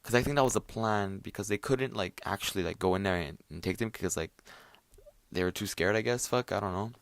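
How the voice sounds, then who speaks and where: A man's voice: lowish voice, fairly quick, vocal fry. A young man hosting a casual solo talk show, rambling with lots of fillers and heavy swearing. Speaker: podcast host.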